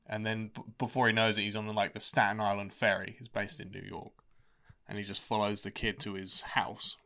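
A man's voice: lowish voice, little pitch movement, fairly quick, bright, forceful tone. A young man chatting casually in a rambling, laid-back way, swearing freely as he talks about TV shows. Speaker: vlogger. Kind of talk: casual chat.

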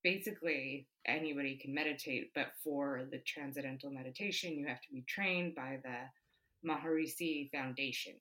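A woman's voice: rumbling low, steady tone, normal speed, a bit bright, low-quality recording. A woman co-hosting a podcast, chatting casually about history with many fillers and frequent laughs. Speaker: podcast co-host. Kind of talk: casual chat.

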